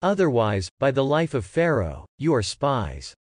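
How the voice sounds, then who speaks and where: A man's voice: mid-range voice, big pitch swings, unhurried, no room sound, studio quality. A man reading the lines of a stern male governor in a scripture lesson, in a commanding voice. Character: stern male Egyptian governor testing his brothers.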